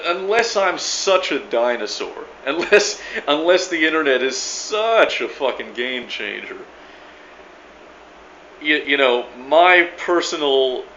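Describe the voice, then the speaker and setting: Replying on video to another creator, a man with a mid-range, somewhat bright voice rambles emphatically, restarting stammered sentences constantly and cursing frequently. The recording is dull and lo-fi, with faint noise in the background.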